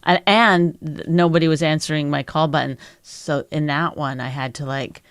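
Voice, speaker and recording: A woman's voice: moderate pace, no echo, clean studio sound. A middle-aged woman co-hosting a podcast in casual chat, telling a story and acting out what people said in a raised voice. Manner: animated storyteller who acts out quotes in a high voice. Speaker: podcast co-host.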